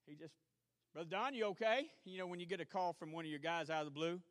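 A male pastor with a Southern US accent preaching a sermon, swinging between shouted exhortation and quiet storytelling. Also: fairly high pitch, little pitch movement, rapid-fire, smooth, no room sound, clean studio sound. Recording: archived church service.

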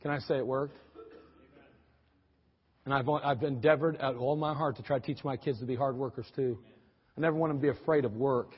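A man's voice: mid-range voice, fairly even intonation, fairly quick, long pauses, husky. A man preaching a sermon, telling a childhood story in a folksy, humorous way and repeating phrases for emphasis. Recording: dull sound with long hall reverb.

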